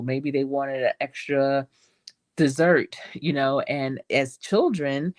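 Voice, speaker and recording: A woman's voice: a bass voice, darkish tone. A middle-aged woman, a career coach, hosting a casual advice podcast in a conversational, encouraging way. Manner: conversational and encouraging, with frequent "you know" and restarts.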